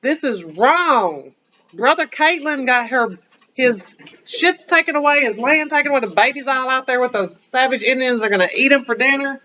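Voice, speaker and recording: A woman's voice: high voice, moderate pace, highs cut off, a little hiss or hum, voice pushed up. A woman playing an indignant, emphatic colonial lawyer. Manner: emphatic, repeated flat refusals.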